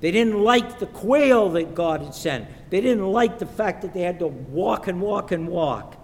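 Slow, emphatic man preaching in a hall. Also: animated. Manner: slow and emphatic, acts out quoted voices. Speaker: pastor. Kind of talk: sermon. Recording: echoey hall with faint rumble.

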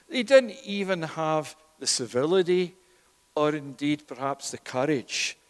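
Emphatic preacher in an echoing hall. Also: male voice, fairly high pitch. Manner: emphatic, rising and louder at key points, with repeated words. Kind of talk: sermon. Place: church. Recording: long echo of a church hall.

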